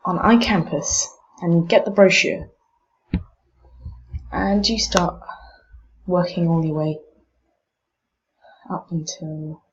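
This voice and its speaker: Woman teacher, slow and careful, lowish voice, muffled lo-fi recording. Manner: demonstrates vowel sounds, slow and deliberate. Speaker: English pronunciation teacher. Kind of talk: casual instructional talk.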